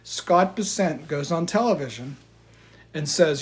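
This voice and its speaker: A man giving heated, profane market commentary, swinging between loud outbursts and quiet asides. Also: on the high side, moderate pace. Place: indoors in front of a chart.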